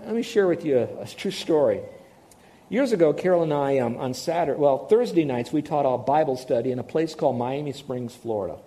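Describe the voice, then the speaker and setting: Casual: guy preaching a sermon, chatty storyteller, kinda high but mellow voice, keeps asking the crowd stuff. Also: expressive, fairly quick. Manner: conversational storytelling, asks the audience questions. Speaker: pastor.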